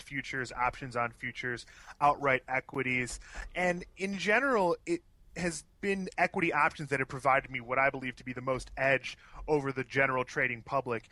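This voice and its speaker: Bright fast-talking man with a Chicago accent. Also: medium pitch, no room sound. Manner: quick, fluent explaining with small restarts. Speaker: options trading guest expert. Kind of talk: explanatory interview answers.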